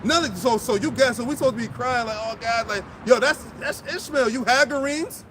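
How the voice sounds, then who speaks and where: A man's voice: extremely high pitch, a little fast, fairly bright tone, slight background noise. A man preaching outdoors, blunt and profane, fired up and repeating himself as he drives each point home. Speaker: street preacher. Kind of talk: impassioned outdoor sermon.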